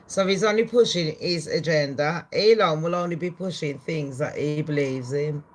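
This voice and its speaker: A woman giving swearing, animated gossip commentary on her channel. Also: low-pitched, moderate pace. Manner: animated, swearing, laughing asides. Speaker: commentary vlogger.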